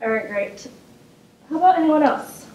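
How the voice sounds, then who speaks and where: A young woman acting a brisk teacher addressing a class in an amateur skit. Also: high-pitched, expressive, a little mellow, roomy sound, distant mic, low-quality recording. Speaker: student playing a teacher in a skit.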